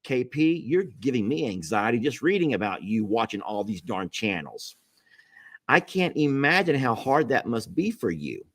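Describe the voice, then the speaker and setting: A man's voice: mid-range voice, very animated, moderate pace, fairly bright tone. Laid-back middle-aged man. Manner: easygoing drawl, laughs easily. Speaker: livestream host reading viewer comments. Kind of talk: casual live chat.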